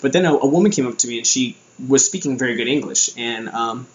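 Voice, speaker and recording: A man's voice: mid-range voice, quick pace. Rambling young American man, roomy echo. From United States. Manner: rambling, many fillers and restarts. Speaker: vlogger. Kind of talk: casual storytelling.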